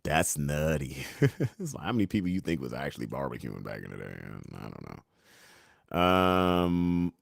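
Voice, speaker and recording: A man's voice: rumbling low, sing-song, moderate pace, gravelly, dry recording, clean studio sound. A young man hosting a casual livestream, reading the chat and memes aloud, joking and laughing often in a laid-back way. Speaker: livestream host.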